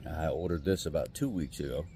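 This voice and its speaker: Man, very low voice, folksy and rambling, faint background noise. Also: brisk, dark tone. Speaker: vlogger. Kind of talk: casual storytelling vlog. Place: outdoors by a river.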